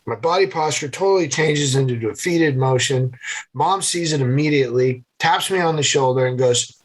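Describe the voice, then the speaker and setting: A middle-aged man from central Massachusetts, a podcast guest telling his story with animated, acted-out voices. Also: medium pitch, moderate pace. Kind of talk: storytelling interview answers.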